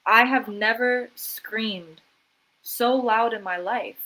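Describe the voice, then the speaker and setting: Her voice is fairly high, bright and forceful, and she takes her time; the recording is rough. She's an artist and author guesting on a livestream interview, giving a vivid, dramatic retelling that quotes her own thoughts.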